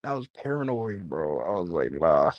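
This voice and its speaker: A man's voice: mid-range voice, animated, moderate pace, no echo, muffled recording. Laid-back man, dry close sound. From Boston. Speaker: guest, rapper and producer. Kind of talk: casual chat.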